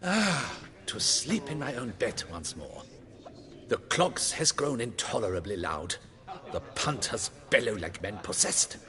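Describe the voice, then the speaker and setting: A man's voice: medium pitch, very animated, measured pace, long reverb tail. An actor playing a cheerful, chatty male innkeeper in a video game, with a hearty, theatrical delivery. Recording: game audio with crowd chatter behind.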